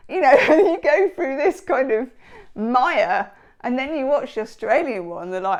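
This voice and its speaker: Female tarot reader, rambling and enthusiastic, pitched a touch high. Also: expressive, moderate pace. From England. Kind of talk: casual tarot reading chat.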